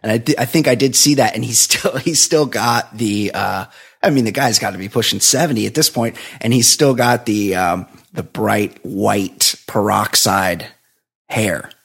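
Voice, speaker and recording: Husky-voiced man in casual chat. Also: on the low side, normal speed, a bit bright. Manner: rambling, laughs often. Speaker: podcast co-host.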